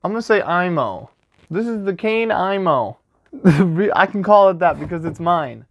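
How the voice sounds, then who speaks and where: A young man hosting a casual unboxing vlog, joking and self-mocking as he talks. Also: fairly high pitch. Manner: jokey, animated, self-mocking. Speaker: vlogger.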